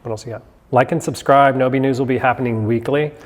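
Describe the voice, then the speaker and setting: A man's voice: mid-range voice, steady tone, fast. A man, a fitness coach, co-hosting a casual gym news vlog in an upbeat, motivational and joking way. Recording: echoey hall with long reverb.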